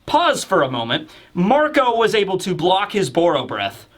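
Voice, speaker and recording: Animated, joking young man host. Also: high voice, moderate pace. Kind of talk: casual comic review.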